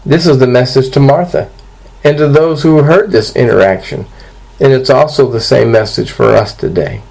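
A male pastor delivers an earnest expository sermon, stepping carefully through scripture. His voice sits at an ordinary middle pitch with a gravelly, rough edge to it. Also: normal speed, darkish tone, low-quality recording.

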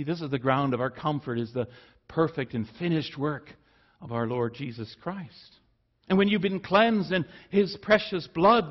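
A man preaching a sermon in an earnest way, rising for emphasis and then dropping low and soft. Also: muffled recording.

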